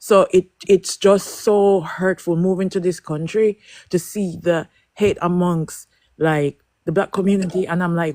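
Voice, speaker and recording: A woman's voice: fairly low pitch, steady tone, a little slow, a little mellow, no echo. A woman speaking as a panelist, emotional and heartfelt, apologizing as she goes. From Jamaica. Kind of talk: live panel discussion.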